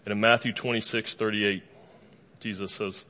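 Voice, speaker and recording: A man preaching a sermon to a live congregation in a lively, conversational way, with casual asides and humor. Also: fairly low pitch, moderate pace. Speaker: pastor.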